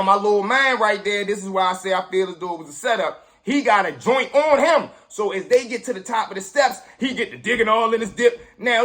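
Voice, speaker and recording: A young man casually telling a street story to his viewers in slang, acting out what people said. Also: sits high. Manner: animated, street slang, acts out quotes. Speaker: storyteller host.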